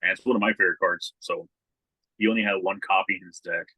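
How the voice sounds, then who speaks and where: A man's voice: deep voice, fairly even intonation, fast talker, bright, forceful tone, husky, no room sound, low-quality recording. A man co-hosting a podcast in casual chat, laid-back and swearing often, raising his voice when he quotes people. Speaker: podcast co-host.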